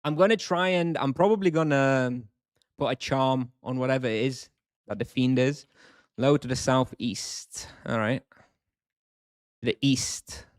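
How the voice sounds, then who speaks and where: A man in a casual live-stream, talking his way through a game and answering his chat. His voice sits at an ordinary middle pitch. The sound is dry and close, with no room around it. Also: unhurried, dry recording. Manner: thinks aloud, chatty, answers chat.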